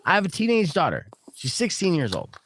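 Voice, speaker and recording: A middle-aged man from Arizona hosting a radio show, telling a long story in a casual, animated way and acting out what people said. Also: high-pitched, brisk, noisy background. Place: radio studio.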